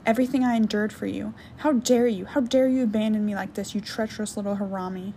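A woman's voice: mid-range voice, steady tone, quick pace, mellow, slight background noise, natural voice. A woman reading an audiobook, voicing a bitter, controlling mother who mocks and pleads. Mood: furious. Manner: accusing, mocking, then pleading.

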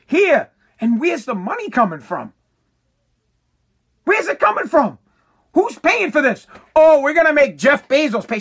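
A man's voice: very high voice, vocal fry, a bit bright. A man who runs a contracting business, delivering a heated, profane political rant and hammering his points again and again. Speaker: working contractor.

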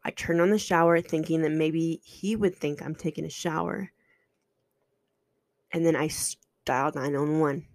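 A woman hosting a podcast, telling a personal story in a raw, halting and earnest way, with restarts and some swearing. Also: sits low, steady tone, a little mellow, dry recording.

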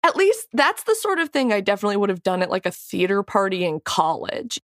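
A woman's voice: mid-range voice, big pitch swings, fairly quick, a bit bright, no room sound, studio quality. A woman co-hosting a podcast in casual chat, reacting with emphatic, playful remarks. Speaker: podcast co-host.

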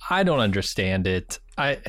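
A man with a fairly low voice walks through an episode's plot on a recap podcast. He talks steadily with small fillers, recorded dry and close. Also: sing-song, moderate pace, a bit bright, no room sound. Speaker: podcast co-host. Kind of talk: casual recap chat.

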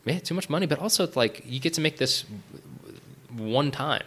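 A middle-aged man, a writer and director, talking casually as a podcast guest, animated, with many fillers and restarts. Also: a little high, moderate pace. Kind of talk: casual interview talk.

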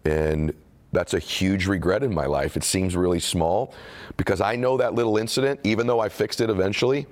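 A man with a low, deep voice speaks candidly in a relaxed conversational interview. He tells a personal story earnestly, turning reflective and emotional as he goes. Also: brisk. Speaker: author being interviewed.

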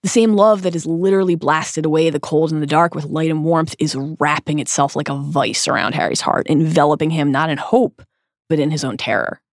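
A woman co-hosting a podcast, reading a scripted essay earnestly and dramatically, with slow, emphatic stresses. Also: low-pitched, steady tone, no room sound, studio quality. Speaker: podcast co-host.

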